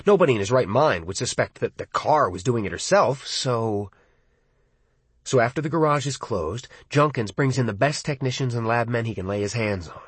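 A man narrating an audiobook in the first person, measured and brooding in tone. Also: medium pitch, animated, husky, no echo.

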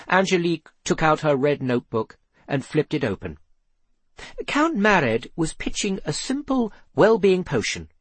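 A man narrating a children's novel aloud with expressive storytelling. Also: a little high, dry recording. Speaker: audiobook narrator. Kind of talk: scripted narration.

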